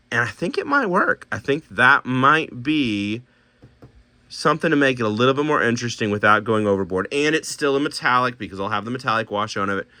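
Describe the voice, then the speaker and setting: Man, hobby painter, bright tense voice, dry close sound, casual musing, restarts. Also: medium pitch, dry recording. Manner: musing, talks himself through choices, restarts. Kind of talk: casual thinking aloud while showing paints.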